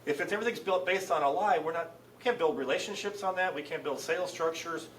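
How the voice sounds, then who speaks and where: A man's voice: fairly high pitch, fast, a little hiss or hum. A middle-aged man, a company chief, talking casually in a podcast and acting out dialogue as he tells stories. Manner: animated storyteller acting out dialogue. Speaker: CEO guest. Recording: roomy, distant mic with faint ambience.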